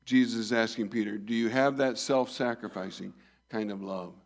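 A man preaching a sermon, reading scripture and voicing the dialogue, rising loud then dropping soft. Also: lowish voice, fairly even intonation, moderate pace, gravelly. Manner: reads scripture and acts out the dialogue, swells and drops in volume.

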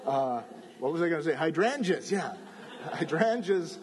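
A man's voice: on the high side, lively intonation, unhurried, big-room sound. A man preaching a sermon as pastor, in a conversational way with restarts and asides.

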